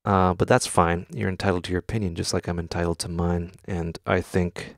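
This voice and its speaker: Gravelly low-voiced man streaming, blunt and sweary. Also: level tone, a little fast, dry recording, clean studio sound. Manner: candid, swears often, answers chat questions. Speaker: music producer streamer. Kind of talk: casual live-stream chat. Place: home studio.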